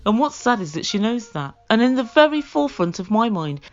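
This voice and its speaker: A woman's voice: on the high side, sing-song, brisk. A woman hosting a comedic reality TV review, sarcastic and given to acting out the quotes. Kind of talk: comedic recap commentary. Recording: dull lo-fi recording with faint music.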